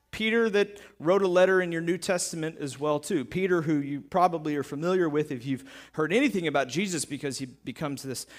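A man's voice: a little high, fairly bright tone. A man giving a casual, joking sermon as pastor, acting out stories and quotes with many restarts.

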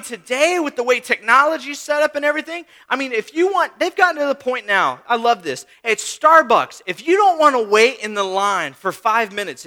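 A man's voice: very high voice, pushed and bright. A man in his thirties preaching a sermon, talking conversationally with rhetorical questions and repeated phrases. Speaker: pastor.

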